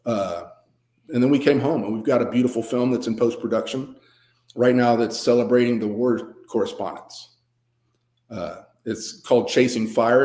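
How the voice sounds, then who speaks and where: A man's voice: medium pitch, dark tone. A man, a veteran and guest musician, telling stories in a laid-back, rambling, self-deprecating way with many fillers. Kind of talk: casual storytelling interview. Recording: roomy echo.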